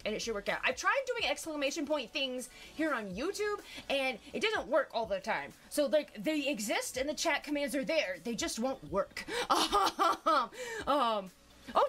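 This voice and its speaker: A woman's voice: high-pitched, fairly bright tone. A woman streamer, chatting casually and giggling as she greets viewers one by one. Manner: bubbly, giggly, greets viewers as baby and dude.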